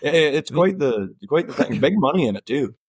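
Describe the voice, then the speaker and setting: A man's voice: mid-range voice, big pitch swings, fairly quick, darkish tone, slightly rough, dry recording, clean studio sound. A man from Ontario, a musician guest on a podcast, telling a story in a rambling way with lots of fillers. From Ontario, Canada. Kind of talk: casual chat.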